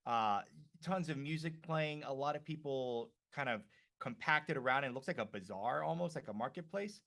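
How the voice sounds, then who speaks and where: A man running a tabletop game, narrating scenes in a loose, easygoing way with plenty of "like" and "uh." His voice is bright and forward, sitting at a middle pitch. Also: moderate pace. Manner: relaxed, with lots of fillers. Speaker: game master.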